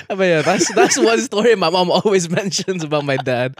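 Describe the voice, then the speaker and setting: A man's voice: high-pitched, animated, unhurried, dry recording, studio quality. A young man co-hosting a casual podcast, chatting, laughing often and acting out family members as he tells stories. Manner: laughs a lot and acts out family members in quoted voices. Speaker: podcast co-host. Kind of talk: casual chat.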